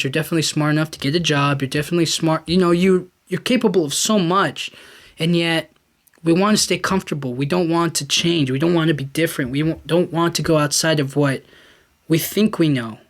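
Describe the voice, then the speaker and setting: Rambling, animated podcast host, a man. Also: fairly high pitch, fairly quick. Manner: animated, rambling, talks to the listener directly. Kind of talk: casual commentary.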